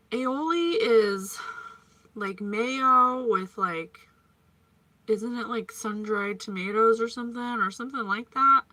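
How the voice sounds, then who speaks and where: A woman's voice: on the high side, sharp tone, dry recording. A woman giving a chatty psychic reading, playful and prone to tangents. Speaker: psychic reader. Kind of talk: casual psychic reading monologue.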